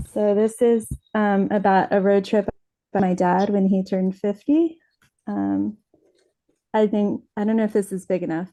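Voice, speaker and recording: A woman's voice: mid-range voice, warm tone. Earnest woman telling a family story. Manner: earnest, acts out quoted lines. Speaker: workshop participant. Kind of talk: personal storytelling. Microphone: video call.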